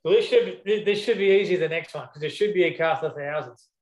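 A man's voice: on the high side, brisk, a little hiss or hum. A man co-hosting a casual podcast, upbeat and joking. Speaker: podcast co-host. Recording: roomy echo.

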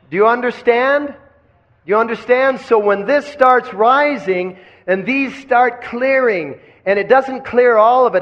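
A man teaching kundalini yoga in a live lecture, asking the class questions and having them repeat phrases back. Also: high-pitched. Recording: dull lo-fi recording.

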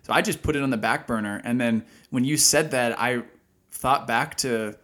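A man co-hosting a faith podcast, speaking in a reflective, conversational, measured way. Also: medium pitch, a bit bright. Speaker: podcast co-host. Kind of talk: casual conversation.

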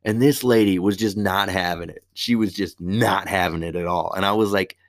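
A man telling a story as a profane comedic rant, animated, with heavy swearing and sudden leaps up in pitch. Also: normal speed, no echo, clean studio sound.

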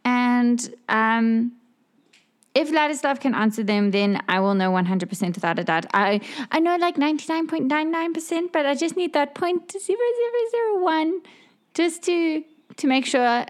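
Brief: woman tabletop player, slightly high voice, chatty and earnest. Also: lively intonation, normal speed. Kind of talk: casual tabletop role-play.

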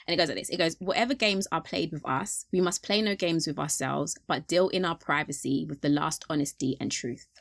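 A woman hosting a casual faith discussion podcast, animated and quick to laugh, acting out little quotes as she talks. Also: low voice, creaky, no room sound, clean studio sound. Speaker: podcast host.

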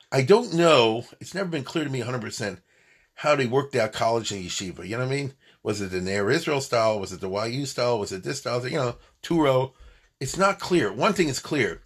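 Guy teaching a history class, kinda husky, rambles and keeps asking "okay?". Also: medium pitch, fairly bright tone. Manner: chatty, digressive, often checks in with listeners. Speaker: lecturer on Jewish history. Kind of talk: informal classroom lecture.

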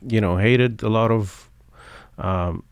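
A man's voice: fairly low pitch, clear, resonant tone, dry recording. A man co-hosting a podcast in casual chat, speaking hesitantly with many fillers and restarts. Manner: hesitant, halting, full of fillers. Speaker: podcast co-host.

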